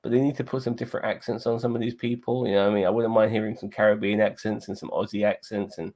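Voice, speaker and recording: A man's voice: on the low side, level tone, fast talker, darkish tone. A man co-hosting a casual TV review chat, rambling and swearing freely, with many "you know what I mean" fillers. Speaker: podcast co-host.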